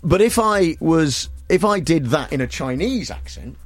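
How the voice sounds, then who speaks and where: A man's voice: on the high side, lively intonation, a little slow, dry recording. A man hosting talk radio, teasing his co-host and firing off rhetorical questions.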